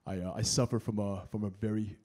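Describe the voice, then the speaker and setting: A man's voice: on the low side, fast talker. A man in his thirties doing a stand-up comedy set, telling stories and acting out voices. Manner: animated storytelling, acting out voices. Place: comedy stage with laughing audience.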